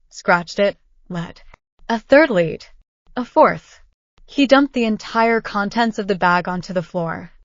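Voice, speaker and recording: A woman reads a first-person family drama aloud in a steady, dramatic way. Her voice sits in a middle range. The recording is dry with no room sound and a slightly dull, muffled top end. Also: mid-range voice, no room sound. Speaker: narrator. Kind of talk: first-person story narration.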